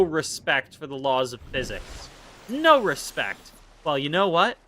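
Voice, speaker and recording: A man's voice: fairly high pitch, sing-song, unhurried, a bit bright, slight background noise. A man streaming a game live, chatting casually and playfully, often slipping into theatrical mock-rage rants. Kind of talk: casual live-stream commentary while playing.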